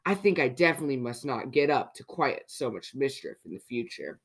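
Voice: medium pitch, sing-song, fairly quick. Mr. Mischief, a giggly little prankster, as a reader puts him on. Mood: grumbling. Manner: giggly, gleeful. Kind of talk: storybook read-aloud.

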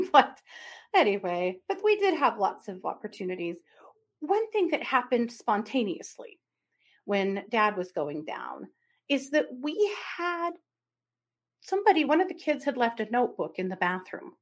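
A woman's voice: fairly high pitch, normal speed. Laughing woman telling a family story. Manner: animated storyteller, laughs often, acts out quotes. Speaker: podcast co-host. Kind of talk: casual storytelling chat.

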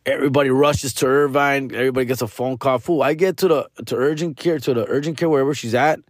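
A young man rambles through a comedic story, full of profanity and Spanish slang. His voice is mid-pitched and sounds close and dry. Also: fairly even intonation, fast, dry recording. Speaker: podcast host.

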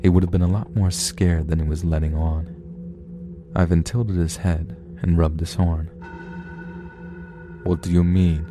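A man narrating a horror story in a slow, grave storytelling manner, with music behind. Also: deep voice, level tone.

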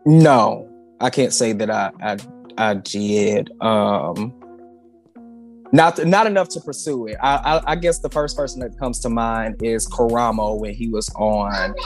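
A drag performer from St. Louis, Missouri, joins a casual interview from a busy home, with faint music behind. His voice is on the low side and a little slow, and he's easygoing, laughing often, with many fillers and restarts.

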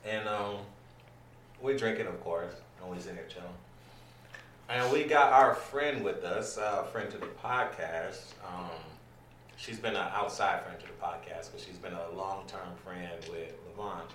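Bright, roomy-sounding man hosting a podcast. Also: deep voice, a little slow. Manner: loose, profane, many ums and restarts. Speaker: podcast host. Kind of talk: casual podcast chat. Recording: echoey room, mic at a distance, faint noise.

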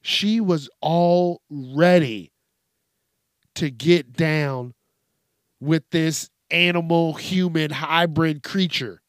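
A man's voice: fairly high pitch, extremely slow, no echo, studio quality. A man hosting a casual solo podcast, rambling and swearing through jokey rants, slipping into mocking quoted voices and laughing at himself. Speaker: podcast host.

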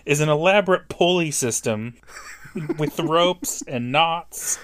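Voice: medium pitch, takes it slowly, crowd noise. A podcast co-host giving sarcastic, laughing commentary while recapping a TV episode. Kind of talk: casual chat recapping a TV episode.

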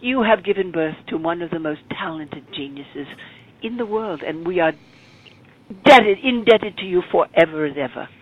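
A woman's voice: fairly low pitch, animated, normal speed, a little hiss or hum, lightly acted. A woman voicing a stiff, formal older father with pompous mock-British formality, over a phone-like line. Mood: formal, grand. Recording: phone-like narrow sound.

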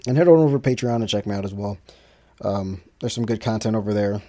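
A man's voice: on the low side, fast talker, dark tone. A man who makes his own music talks to listeners in a casual solo monologue. He rambles, restarts his sentences and fills gaps with fillers. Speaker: independent musician hosting his own podcast.

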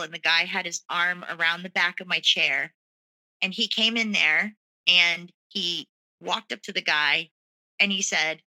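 A woman's voice: on the low side, bright, forceful tone, rough recording. A woman frankly telling her own story as an interview guest, conversational and loose, with nervous laughs. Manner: casual fillers like "like" and "you know". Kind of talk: candid personal storytelling.

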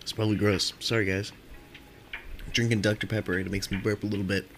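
A young man with a fairly low voice tells loose, rambling stories for his podcast. His talk is profane and full of "like", with a faint hiss behind it. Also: level tone, a little fast, a bit bright. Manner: rambling and profane, heavy use of "like". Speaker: podcast storyteller. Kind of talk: casual storytelling podcast.

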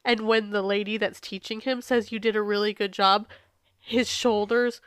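A woman's voice: medium pitch, steady tone, moderate pace, a bit bright, smooth, no echo, clean studio sound. A woman co-hosting a casual podcast, emotional and teary, swearing freely, with a stuffy nose from crying. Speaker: podcast co-host. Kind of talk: casual chat.

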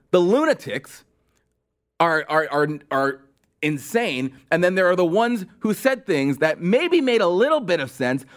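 A male podcast host delivering a sarcastic, mocking political commentary monologue with exasperated outbursts. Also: fairly high pitch.

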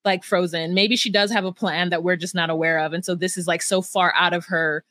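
A woman's voice: lowish voice, fairly even intonation, fairly quick, pushed and bright, no echo, clean studio sound. A woman co-hosting a podcast, speaking frankly and with some heat, swearing freely as she recaps a reality show. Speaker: podcast co-host. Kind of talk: casual reality-TV recap chat.

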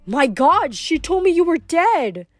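A fierce young huntress, commanding and protective, with a brisk, urgent way of speaking, as a woman reading a storybook aloud puts her on. The voice sits fairly high, and faint music plays underneath. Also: lively intonation. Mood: overjoyed.

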